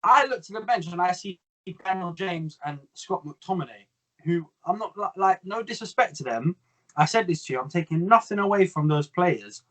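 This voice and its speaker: Measured young football pundit. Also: male voice, high-pitched, fairly bright tone, poor audio. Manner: measured, analytical, exasperated. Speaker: co-host. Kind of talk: casual football chat.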